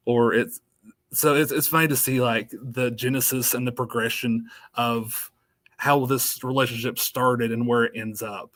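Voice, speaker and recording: Tennessee man, mid-pitched and dry-miked, laid-back self-mocking presenter on a video call. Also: steady tone, unhurried, a bit bright, no room sound. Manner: easygoing and self-mocking, with fillers. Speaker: school librarian. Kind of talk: webinar presentation.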